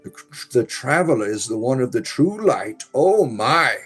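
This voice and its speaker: A man with a mid-range voice hosts a relaxed live stream, reading out comments and tossing off dry, wry asides. He drifts into low mutters between messages. Faint music plays in the background. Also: unhurried, slightly rough. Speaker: livestream host reading chat. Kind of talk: casual live-stream chat.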